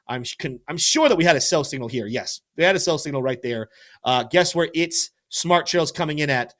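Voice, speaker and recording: Brisk and fairly high-pitched, a man with a fairly bright tone runs a live-stream crypto show. He works through charts energetically, speaks directly to his chat, and sometimes trips over names.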